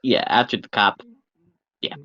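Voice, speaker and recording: A man playing a tabletop game, talking in an animated, rambling, slangy way. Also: a little slow, dry recording, highs cut off. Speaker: player. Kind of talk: casual tabletop game chat.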